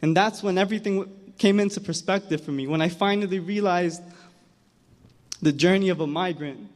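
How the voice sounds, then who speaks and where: A man's voice: high-pitched, a little mellow. A young man telling a personal story on stage at an awards event, earnest and emotional, often repeating words as he goes. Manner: earnest, emotional, halting repetitions. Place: large hall. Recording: hall reverb from a big room.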